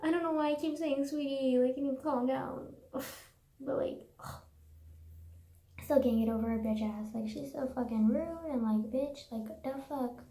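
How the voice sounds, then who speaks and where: A woman's voice: high-pitched, normal speed, hardly any pauses, mellow. A young woman vlogging a casual, profane rant, sarcastic and packed with "like.". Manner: profane, sarcastic, says "like" constantly. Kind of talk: casual ranting monologue. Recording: echoey room.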